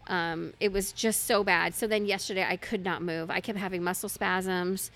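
A bright, clear-toned woman in her thirties chats as a podcast co-host. She tells her stories in an animated, chatty way and often breaks into laughter. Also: fairly low pitch, normal speed. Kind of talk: casual podcast chat.

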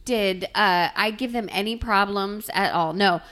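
A woman's voice: mid-range voice, unhurried, fairly bright tone. A woman in her forties chatting casually and playfully, laughing often. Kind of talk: casual chat.

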